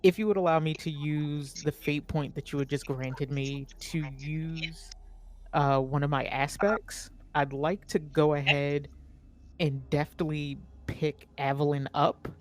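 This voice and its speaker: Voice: medium pitch, fairly even intonation, unhurried. A player in a tabletop role-playing game, playfully describing actions. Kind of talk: casual tabletop play.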